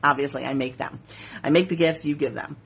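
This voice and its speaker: A woman's voice: sits low, fairly even intonation, a little fast, vocal fry, husky. A woman who makes jewelry, hosting a casual live sales stream from her studio. She chats, giggles and reads viewer comments aloud. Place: home studio.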